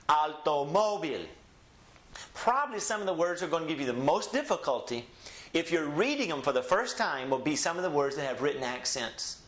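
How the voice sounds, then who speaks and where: Male Spanish teacher, slightly high voice, slow drilled examples, echoey room. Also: fairly bright tone. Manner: slow, drawn-out model pronunciations for students to repeat. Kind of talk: language lesson.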